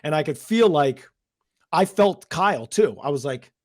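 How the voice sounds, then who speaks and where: A man's voice: on the high side, normal speed, no room sound, studio quality. Chatty man from New Jersey. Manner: rambling, animated retelling with many "I was like" quotes. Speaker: interview guest. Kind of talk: casual storytelling interview.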